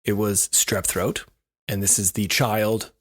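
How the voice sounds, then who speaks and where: A man's voice: on the low side, flat delivery, slow pace, husky. A man co-hosting a podcast, telling a self-deprecating story in a wry, casual way. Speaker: podcast co-host.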